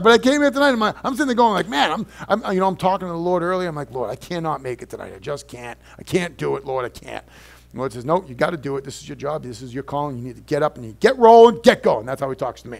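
A middle-aged man preaching a sermon while sick, talking casually and then rising to loud, emphatic stretches. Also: medium pitch, gravelly. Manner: conversational preaching, swings from quiet to loud and emphatic. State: sick with a cold. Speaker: pastor.

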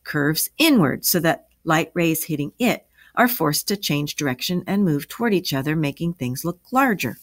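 A woman reading a story aloud and voicing a patient grandfather who calmly explains things to his grandchildren. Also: deep voice, moderate pace, no echo, clean studio sound. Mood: explaining. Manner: calm, steady explaining.

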